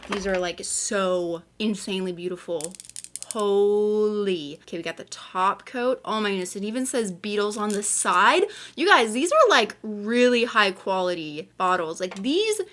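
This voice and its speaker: A woman hosting a nail unboxing vlog, gushing and excitable, talking casually with gasps and plenty of "like". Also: mid-range voice, a little slow. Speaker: nail vlogger.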